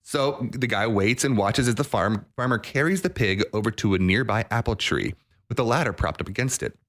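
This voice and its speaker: A man co-hosting a podcast, telling a long joke in a relaxed, chuckling way. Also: lowish voice, fairly quick. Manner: chuckling, easygoing storyteller. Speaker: podcast co-host.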